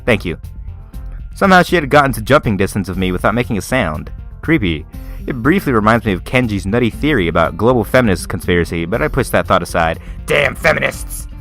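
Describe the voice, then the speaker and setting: A man's voice: on the low side, animated, fast talker, fairly bright tone, soft background music. A young man hosting a let's play, reading a visual novel aloud and interrupting with crude, mocking jokes.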